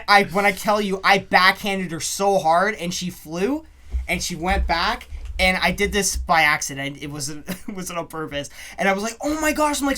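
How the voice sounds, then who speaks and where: A young man co-hosting a casual podcast, telling animated stories with many fillers and bursts of laughter. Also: high voice, normal speed, noisy background. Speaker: podcast co-host. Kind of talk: casual chat, storytelling.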